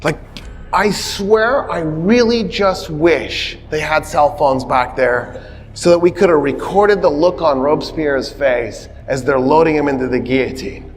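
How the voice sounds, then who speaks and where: A man delivers a history lecture as a lively, comic story, acting out quotes with sudden shouts. His voice sits a little high and carries a long reverb from a large hall. Faint music can be heard behind him. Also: unhurried. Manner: humorous, conversational asides.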